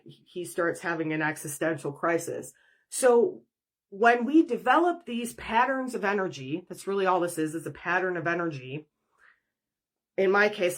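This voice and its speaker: A woman, a professional energy worker, talking through a spiritual podcast monologue in a conversational way, acting out inner dialogues. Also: medium pitch.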